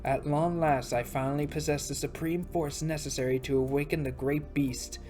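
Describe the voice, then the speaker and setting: An ancient villain mastermind speaks slowly and grandly with quiet menace, as a woman acts him out. The voice is pitched low and deep. Soft music hums behind him. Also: steady tone, close to an everyday voice. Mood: menacing.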